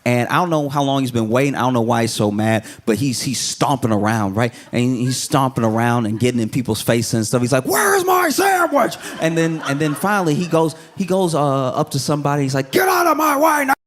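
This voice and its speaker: A man performs a stand-up set, telling a story with animated delivery and breaking into shrill shouted voices for its characters. He talks fairly quickly with hardly any pauses, and audience laughter sounds behind him.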